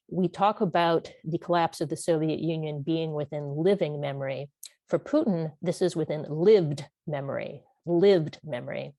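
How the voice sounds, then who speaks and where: A middle-aged woman with a low, mellow voice speaks as a historian. She lays out her argument point by point, stressing key words by repeating them. The sound is dry and close. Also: no echo. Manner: precise, repeats words for emphasis, restarts phrases. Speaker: historian discussing her book. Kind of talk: academic talk, measured and analytical.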